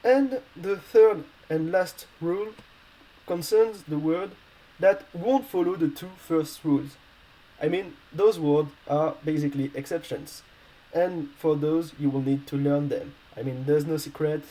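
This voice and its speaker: Hesitant, mellow-voiced male language teacher. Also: fairly high pitch, unhurried, rough recording. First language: not English. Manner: hesitant, many fillers and restarts. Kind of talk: explaining a grammar lesson.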